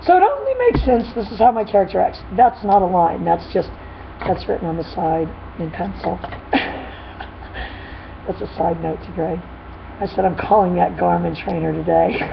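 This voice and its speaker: A woman dog trainer chatting casually in a vlog, retelling a dispute in an animated, rambling way with frequent laughs. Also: fairly low pitch, a little slow, vocal fry, pauses often. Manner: animated storytelling, laughs often. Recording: dull lo-fi with faint noise.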